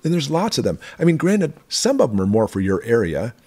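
A man's voice: medium pitch, sing-song, a little fast, dark tone, husky. A man from Michigan hosting a casual prepping vlog, rambling through asides and firing questions at the viewer. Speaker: prepping channel host.

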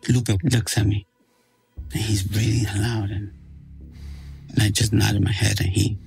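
Gravelly man recounting a tense story. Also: on the low side, flat delivery, darkish tone. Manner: halting, filler-heavy retelling. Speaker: podcast storyteller. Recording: podcast clip with music underneath.

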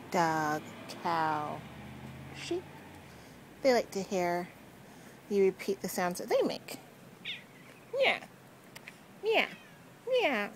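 Casual vlogger woman, slow and lively, teasing herself; noisy street sound around her. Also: on the low side. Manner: playful, self-mocking, talks to the cat. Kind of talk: casual narration while petting a cat. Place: outdoors on a street. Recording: noisy outdoor street recording.

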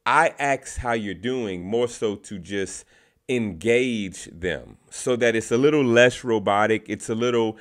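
A man with a fairly low voice talks straight to his viewers in a loose, conversational way. He shares advice from his own sales calls and circles back on words as he thinks. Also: measured pace. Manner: conversational, repeats words, restarts phrases. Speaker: sales representative sharing tips. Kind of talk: casual talking-to-camera advice.

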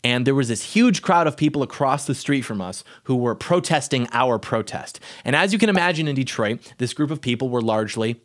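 Young man, political commentator, rapid delivery, mid-pitched, sarcastic and indignant. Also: expressive. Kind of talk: opinion monologue.

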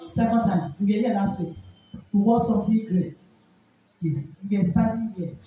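Speaking at a normal pace in a warm, medium-pitched voice, a Nigerian-accented woman pastor repeatedly rebukes during a deliverance ministration. There is slight background noise, and the sound comes from far off in a reverberant church hall with music.

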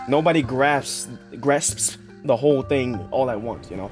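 A man's voice: mid-range voice, a little slow. A man giving casual, joking and rambling commentary while playing a game. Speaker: gaming streamer. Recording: game music behind.

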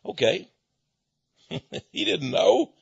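A man's voice: high voice, wildly swooping pitch, extremely slow, creaky, slightly rough, dry recording. An American man hosting a radio show, lecturing in an emphatic, folksy monologue and repeating his key points. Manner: folksy and conversational, with chuckles. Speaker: radio host. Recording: dull lo-fi dry recording.

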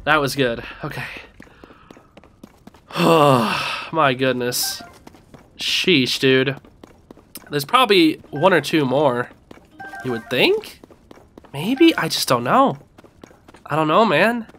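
A gaming host giving excitable let's-play commentary, reacting aloud and talking to on-screen enemies. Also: mid-range voice, slow, pauses often, slight background noise.

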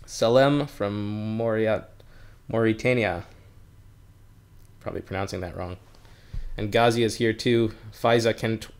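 English teacher, man, low voice, friendly and explanatory, streaming from home. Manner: friendly, explains words, chats with viewers. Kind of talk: live-streamed language lesson.

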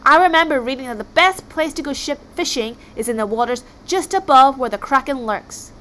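Casting: woman playing a calm, scheming Viking boy in a storybook reading, matter-of-fact with lively pitch. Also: fairly quick, low-quality recording. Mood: pleased.

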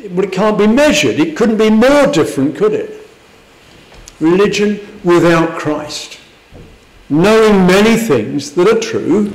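A man's voice: on the high side, a little mellow, roomy sound, poor audio. A man preaching a sermon in a church, earnest and full of rhetorical questions. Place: church hall.

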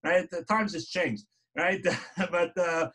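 High-voiced male lecturer for a synagogue class: conversational storyteller, punctuates with "right?", rises to emphatic quoted lines. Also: fairly even intonation, slow pace, a bit bright. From lived in Israel. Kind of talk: sermon-style lecture.

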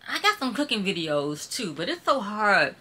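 A chatty woman with a Mississippi Southern accent, talking casually to her live-stream viewers in a bright, forceful voice. She rambles in a warm, folksy way, calling her audience "child" and "y'all". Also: mid-range voice, very animated, normal speed, husky. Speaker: YouTuber hosting a live stream.

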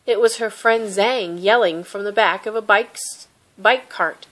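A woman reading a children's picture book aloud with gentle, expressive narration. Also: medium pitch, measured pace. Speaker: storybook reader.

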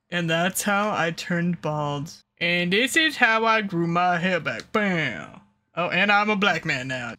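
Bright-voiced loud profane game commentator. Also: mid-range voice. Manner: loud, profane, laughing reactions. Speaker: gaming video creator. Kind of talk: let's play commentary.

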